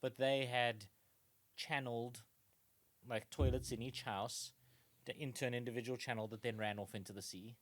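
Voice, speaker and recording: A man's voice: mid-range voice, steady tone, normal speed. A man co-hosting a comedy trivia podcast, rambling with many fillers and laughing often. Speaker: podcast co-host. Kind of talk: casual comedic chat.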